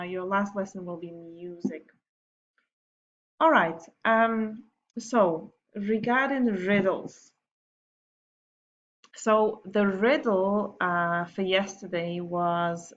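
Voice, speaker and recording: Gentle teacher on a muffled recording. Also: female voice, mid-range voice. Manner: gentle, unhurried, with frequent ums. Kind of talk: recorded morning message and storybook reading for pupils. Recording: dull lo-fi recording.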